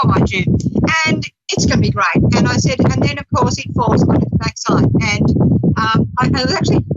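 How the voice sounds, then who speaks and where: A woman's voice: on the high side, very noisy. Chatty woman host on lo-fi radio. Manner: chatty, laughs often, acts out quoted voices. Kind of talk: casual chat on a spiritual talk show. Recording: dull lo-fi radio audio.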